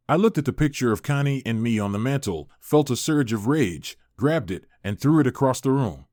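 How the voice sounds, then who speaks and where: A man narrating a first-person story in a measured, steady way. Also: medium pitch, no echo, studio quality.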